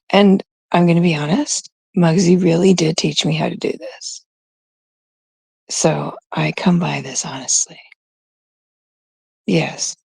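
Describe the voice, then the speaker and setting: A woman from Canada chats on her own stream at an unhurried pace. Her voice has a gravelly fry and a husky edge. She rambles in a gossipy, confiding way over a dry, close sound. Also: on the low side, a little mellow, dry recording. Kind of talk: casual livestream chat.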